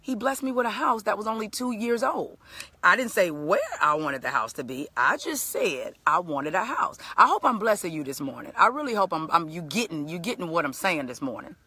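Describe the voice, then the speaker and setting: A middle-aged woman telling her life story as a motivational speaker in a live stream, animated and conversational with a preacherly lift. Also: on the low side, a little fast, husky, dry recording.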